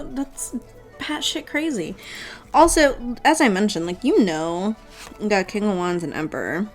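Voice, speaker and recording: A woman's voice: on the low side, darkish tone. A woman giving a casual tarot reading, playful and swearing freely, often breaking into laughter. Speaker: tarot reader.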